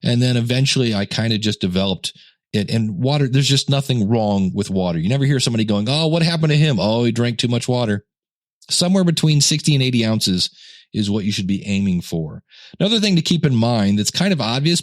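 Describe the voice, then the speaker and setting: A man's voice: medium pitch, lively intonation, fast, no echo, clean studio sound. A middle-aged man hosting a podcast in casual talk, joking and acting out little scenes. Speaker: podcast host.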